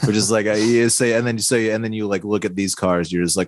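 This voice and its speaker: A man co-hosting a podcast in casual chat, relaxed and chatty, full of "dude" and "like". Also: fairly low pitch, brisk, few pauses, dry recording. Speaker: podcast co-host.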